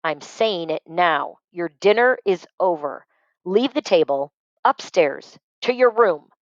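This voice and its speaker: A woman's voice: lowish voice, lively intonation, takes it slowly, no room sound. A woman reading aloud voices a stern, fed-up mother giving firm orders. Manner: firm and commanding. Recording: dry, dull muffled recording.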